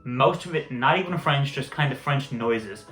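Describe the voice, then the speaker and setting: A man's voice: mid-range voice, normal speed, a bit bright. A young man telling a casual story, rambling and swearing often. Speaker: vlogger. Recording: roomy echo, faint music behind.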